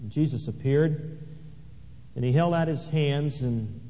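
Dramatic preacher in an echoey hall. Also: male voice, a little high, slow, warm tone. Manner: dramatic, swelling on quoted scripture. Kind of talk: sermon. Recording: echoey hall, dull lo-fi sound.

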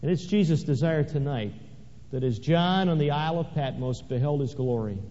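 A man's voice: a little high, normal speed, warm tone. A man preaching a sermon, swelling dramatically when he reads scripture aloud. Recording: echoey hall, dull lo-fi sound.

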